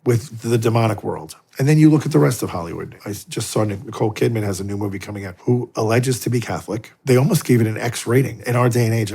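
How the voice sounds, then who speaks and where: A man's voice: fairly low pitch, slightly rough. A middle-aged man, a Catholic priest, telling stories in an interview and acting out the people in them. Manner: animated, acts out quoted exchanges. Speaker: Catholic priest and exorcist, guest. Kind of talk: interview storytelling.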